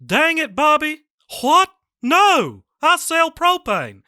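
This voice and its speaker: A man's voice: very high-pitched, sing-song, slow pace, sharp tone, no room sound, studio quality, voice pushed up, heavily acted. A man doing an impression of a stern middle-aged cartoon propane salesman, barking short exclamations. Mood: exasperated. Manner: exaggerated, clipped exclamations.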